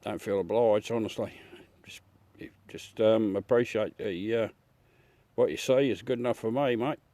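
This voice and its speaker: With a fairly low, mellow voice at a moderate pace and no room sound, a middle-aged Australian livestream host talks casually with his viewers. He's blunt, swears, and calls everyone mate.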